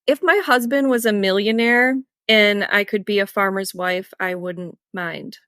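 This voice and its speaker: A woman's voice: medium pitch, fairly even intonation, a little slow, fairly bright tone, smooth, no echo, clean studio sound. A young woman from Indiana who farms, co-hosting a podcast in frank, casual chat and laughing easily. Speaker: podcast co-host, farmer.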